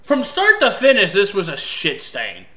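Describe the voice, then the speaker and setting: A man's voice: sits high, wildly swooping pitch, unhurried, bright, forceful tone. A man ranting through a film review, exasperated and sarcastic, swearing freely.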